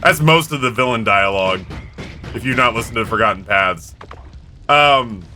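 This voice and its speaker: A man's voice: fairly low pitch, animated, sharp tone, soft background music. A man streaming live, telling stories in a rambling, candid way. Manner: rambling, candid storytelling with quick impressions. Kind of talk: casual chat.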